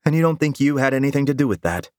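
A man's voice: medium pitch, expressive, racing, a little mellow, no room sound, clean studio sound, pitched above the performer's own voice, close to an everyday voice. A man voicing a petite, tough female partner who scolds with exasperation in an audiobook. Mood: exasperated. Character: petite tough woman partner, stern and impatient.

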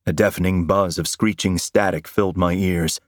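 A man giving dramatic first-person fiction narration in an intense, measured storytelling manner. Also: deep voice, steady tone, no room sound, studio quality.

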